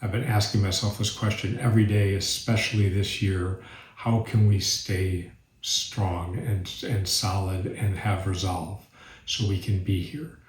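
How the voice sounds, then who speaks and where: A man leading a mindful reflection group, giving a calm, thoughtful spiritual talk with occasional restarts. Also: low-pitched, unhurried. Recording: echoey room.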